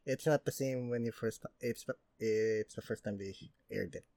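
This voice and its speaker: A man's voice: on the low side, normal speed, gravelly, warm tone, no room sound, clean studio sound. A man co-hosting a casual chat, agreeable and a little hesitant, often repeating "yeah". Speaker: podcast co-host.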